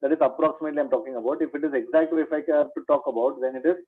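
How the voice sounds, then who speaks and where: A man's voice: on the high side, fairly even intonation, rapid-fire, slightly rough. A man giving a maths revision lecture. He repeats each point as a question to his students and calls them "my dear". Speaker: maths teacher. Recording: tinny phone-like lo-fi sound.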